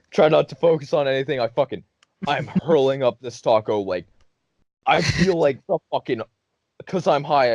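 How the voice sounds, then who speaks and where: A man's voice: medium pitch, no room sound, muffled recording. Laughing, cursing young man telling a story. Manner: laughing, profane, animated storytelling. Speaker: podcast host. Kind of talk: casual storytelling.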